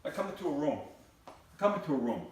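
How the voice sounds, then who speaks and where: Older New comic, animated, echoey club. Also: male voice, fairly high pitch, fast talker. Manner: deadpan storytelling with repeated phrases and punchline build-ups. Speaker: stand-up comedian. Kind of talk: stand-up comedy routine. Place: comedy club stage before a live audience. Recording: very echoey room from a distant mic.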